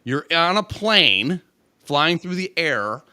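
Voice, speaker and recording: Lively crude-talking man, animated. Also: fairly high pitch, slow, no room sound. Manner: animated, crude, rambling with frequent profanity. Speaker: podcast co-host. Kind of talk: casual podcast chat.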